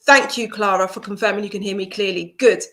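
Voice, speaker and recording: A woman's voice: mid-range voice, fairly even intonation, a little fast, a bit bright. A woman hosting a live psychic card reading stream, greeting viewers by name and explaining the cards in a flowing spiritual way. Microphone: video call setup.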